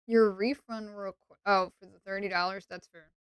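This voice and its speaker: A woman chatting on a live stream, rambling, joking and mocking herself, with sudden loud whiny bursts, on a close desk microphone. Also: medium pitch, steady tone, moderate pace, clear, resonant tone, no echo, lo-fi sound. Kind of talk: casual live-stream chat.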